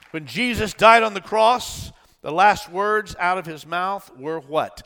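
A middle-aged male pastor preaching a sermon, dramatic, swinging from shouts to hushed tones. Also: high voice, a little slow, clean tone, in a large hall, some chatter behind.

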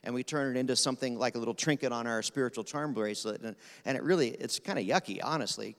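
Rapid-fire preacher in a reverberant hall. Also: male voice, medium pitch. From Pennsylvania. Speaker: guest preacher. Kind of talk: sermon. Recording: long reverb of a large hall.

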